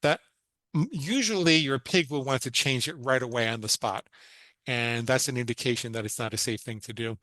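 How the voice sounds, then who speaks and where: Male psychologist guest, earnest and instructive, mid pitch, dry close sound. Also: normal speed, pushed and bright, dry recording, rough recording. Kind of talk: podcast interview, explaining techniques.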